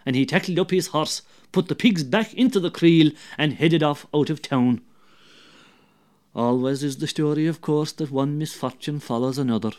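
An older Irish man telling a traditional folk tale, lively and dramatic, swinging between loud and hushed. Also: fairly high pitch, moderate pace. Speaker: storyteller.

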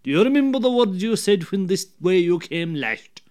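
A man with an Irish accent voicing a boastful devil who speaks quietly and with easy self-assurance. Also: high voice, very animated, normal speed. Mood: smug calm. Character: the devil, sly, boastful, unhurried.

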